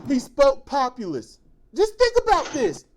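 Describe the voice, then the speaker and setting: A woman's voice: high voice, wildly swooping pitch, measured pace, a little mellow, a little hiss or hum, low-quality recording. A woman in casual political discussion, ranting with animation and mimicking others.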